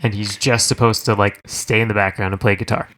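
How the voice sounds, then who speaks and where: A man's voice: on the low side, steady tone, a little fast, bright, forceful tone. A man co-hosting a podcast, casually discussing a film and often chiming in to agree. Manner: agreeable, chimes in with short confirmations. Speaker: podcast co-host. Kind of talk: casual chat recapping a film.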